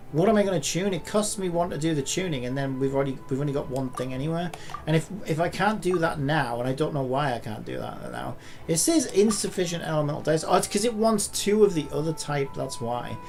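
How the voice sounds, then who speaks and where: A man's voice: on the high side, darkish tone. A man commentating live gameplay, frustrated and swearing often, ranting at the game. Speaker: gaming streamer.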